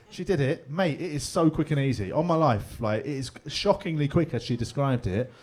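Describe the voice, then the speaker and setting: Laddish middle-aged London comedian. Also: male voice, mid-range voice, lively intonation, brisk, hardly any pauses, a little mellow. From England. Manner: chatty, laddish, swears freely, laughs along. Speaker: stand-up comedian. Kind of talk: stand-up comedy set. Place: pub comedy room with live audience.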